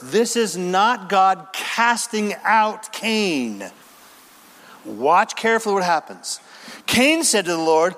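A man preaching an emphatic sermon, working verse by verse with quick asides. His voice sits high and swings widely in pitch. Long reverb fills the space of a church sanctuary. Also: animated, a bit bright. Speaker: pastor. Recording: reverberant hall.

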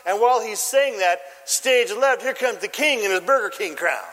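Male pastor, high and lively sermon delivery, plays all the parts, hall reverb. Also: brisk, hardly any pauses. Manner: animated storytelling, acting out voices and shouting lines.

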